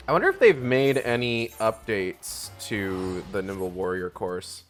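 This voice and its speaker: A man's voice: on the low side, a little slow, hardly any pauses, soft background music. A man streaming a video game, talking casually in a rambling way with lots of fillers and some swearing. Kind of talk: casual let's-play commentary.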